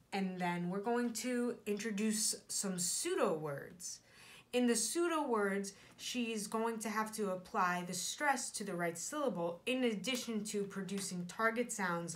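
A woman explains a treatment plan in a steady, measured voice. She takes her time, laying out each step plainly, like a teaching narration. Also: medium pitch. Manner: calm, measured, explaining steps. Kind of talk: explanatory narration of a therapy demo.

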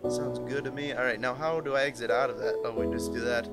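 A man's voice: medium pitch, fairly even intonation, fast talker. A young man hosting a casual let's play, reacting with jokes and swearing while he reads a game aloud. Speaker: gaming channel host. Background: guitar music.

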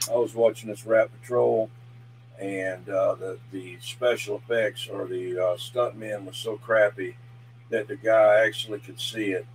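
A man chatting casually and calling out loudly over a CB radio. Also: on the low side, steady tone, a little slow. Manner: folksy, calls out loudly over the air. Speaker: CB radio operator. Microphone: CB radio handset. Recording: CB radio with loud static.

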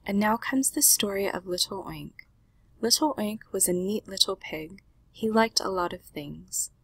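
Woman, picture book read-aloud, gentle, playful, slow, husky. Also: medium pitch, no room sound. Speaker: narrator.

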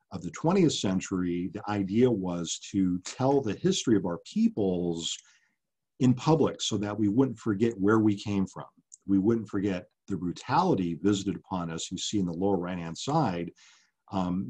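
Earnest, husky-voiced man lecturing. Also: deep voice, dark tone. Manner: earnest, impassioned, many ums and uhs. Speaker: author giving a public talk. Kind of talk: public lecture with slides.

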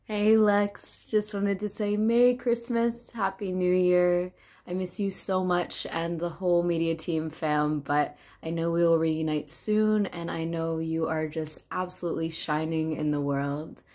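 A woman's voice: fairly low pitch, steady tone, measured pace, darkish tone. A woman recording a short, cheerful holiday greeting. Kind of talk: video greeting message.

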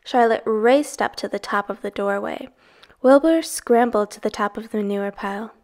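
A woman reading a children's novel aloud, her narration soft and even. Her voice sits a little high, and she keeps a steady storytelling pace. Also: normal speed. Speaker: reader.

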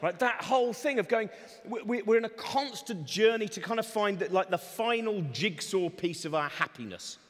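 A man's voice: high voice, animated, normal speed, fairly bright tone. A man doing a comedy talk on stage, rambling energetically with sardonic asides. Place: large event hall. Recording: long reverb of a large hall.

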